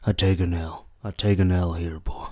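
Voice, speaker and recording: A man's voice: low voice, steady tone, moderate pace, dark tone, no room sound. A man hosting a comedy reaction video, mock-dramatic and self-mocking, swearing freely. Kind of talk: jokey reaction commentary.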